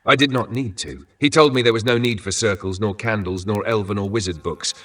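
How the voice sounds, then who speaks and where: A man reads the part of a frightened peasant prisoner who stammers and pleads, in a confiding mood. His voice is bright, forceful, on the low side and brisk, sitting slightly off-mic and far from it, with faint music underneath.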